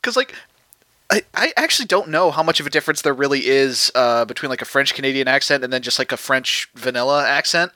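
A man's voice: medium pitch, fast talker, bright, forceful tone, no room sound. A man co-hosting a podcast, joking and a bit self-deprecating in casual chat. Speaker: podcast co-host.

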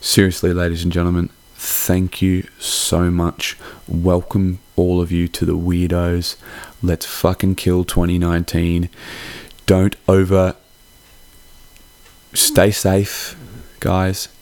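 A man's voice: low voice, monotone, takes it slowly, darkish tone, dry recording. A young man hosting a podcast. He gives a casual, heartfelt holiday sign-off that rambles and swears freely. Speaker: podcast host.

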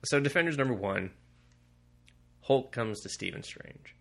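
A man's voice: medium pitch, measured pace, vocal fry, a little hiss or hum. A man co-hosting a casual podcast about comics, swearing freely and acting out characters as he retells stories. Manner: profane, animated retelling with mock quotes. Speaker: podcast co-host.

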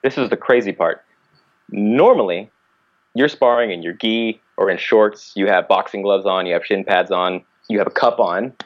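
Low male voice, lively storyteller, slightly dull recording. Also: normal speed. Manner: animated, acts out quoted dialogue. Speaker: podcast guest, martial artist. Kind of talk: casual storytelling.

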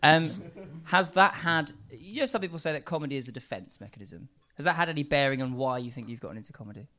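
A man's voice: a little high, animated, quick pace, bright, forceful tone. A man hosting a live podcast, asking playful, teasing questions in a casual interview. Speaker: podcast host. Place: live venue in front of an audience.

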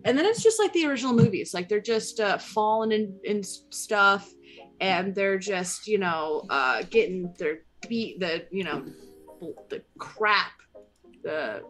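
A woman's voice: medium pitch, lively intonation, measured pace, fairly bright tone, soft background music. A woman hosting a podcast, retelling a movie plot in casual chat. She rambles in a scatterbrained way and says "like" often. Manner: scatterbrained, rambling, heavy use of "like". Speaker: podcast host.

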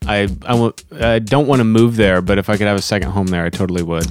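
A man's voice: fairly low pitch, fairly even intonation, quick pace, soft background music. A man co-hosting a casual podcast chat, easygoing and rambling with plenty of ums. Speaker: podcast co-host.

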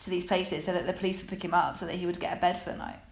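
A woman, co-hosting a podcast and making a skeptical point in quick casual chat. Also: on the low side, fairly even intonation, creaky. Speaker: podcast co-host. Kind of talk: casual chat reviewing a TV episode.

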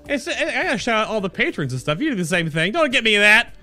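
A man's voice: sits high, very animated, fast, sharp tone. A man hosting a podcast in casual chat, rambling and chatty, often restarting his sentences. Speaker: podcast host. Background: background music.

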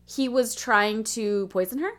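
A woman's voice: a little high, a little slow. A young woman co-hosting a casual podcast, teasing and playful with a profane streak. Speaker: podcast co-host. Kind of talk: casual chat recapping a TV show.

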